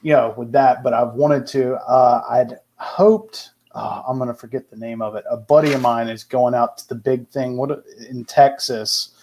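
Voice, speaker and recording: A man speaking as a guest on a casual podcast, in an ordinary mid-range voice. He talks in a relaxed, rambling way and leans on fillers. He sounds laid back as he tells his stories. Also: medium pitch, moderate pace, a little hiss or hum. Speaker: podcast guest, firearms instructor.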